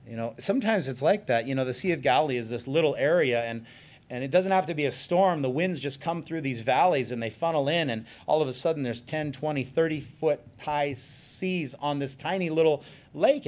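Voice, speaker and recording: A man preaching a sermon in a conversational way, with joking asides and sudden shifts from soft remarks to emphatic bursts. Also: fairly high pitch. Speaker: pastor.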